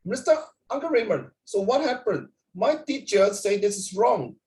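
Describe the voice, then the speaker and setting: A man puts on a nervous teenage schoolboy with an Indian accent, pleading with his tutor in a voice pitched well above his own. The boy sounds fretful and unsure, his words rising with worry. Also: lively intonation, moderate pace, a little mellow, far from the mic. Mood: worried. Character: anxious teenage boy student, worried.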